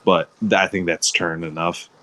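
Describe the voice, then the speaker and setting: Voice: deep voice, fairly even intonation, normal speed, pushed and bright. A player in a tabletop game, talking casually and animatedly, hesitating often.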